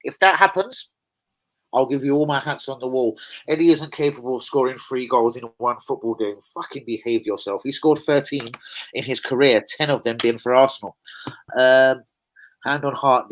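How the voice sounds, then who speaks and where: A man hosts a live football fan stream at a middle pitch. He chats loosely and swears often, hopping between the guest and the viewer comments. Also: normal speed, rough recording. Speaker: fan channel host. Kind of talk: live football preview chat.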